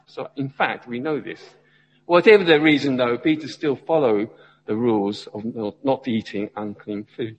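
A man's voice: mid-range voice, moderate pace, big-room sound, slight background noise, low-quality recording. A man, a church member, preaching a sermon and asking his listeners questions as he goes. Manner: asks the congregation questions, rising and falling emphasis. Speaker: lay preacher.

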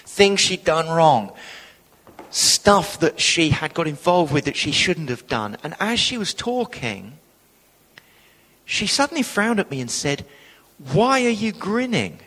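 Preacher in an echoing hall. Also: male voice, on the high side, unhurried. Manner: animated storytelling, acting out quoted voices. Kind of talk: sermon. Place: church hall. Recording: long reverb of a church hall.

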